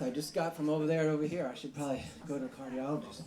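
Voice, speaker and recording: A man from Long Island, New York, hosting a live reading series in a bar, joking and energetic with the audience. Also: on the high side, racing. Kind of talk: live event emcee. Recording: noisy bar with crowd. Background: crowd chatter and noise.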